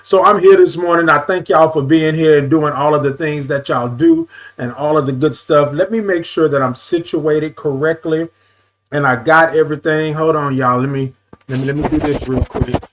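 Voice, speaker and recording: A man hosting a casual morning live stream, greeting viewers by name with drawn-out, sung greetings and saying y'all a lot. He repeats his phrases and adjusts his camera as he talks. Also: fairly high pitch, fairly even intonation.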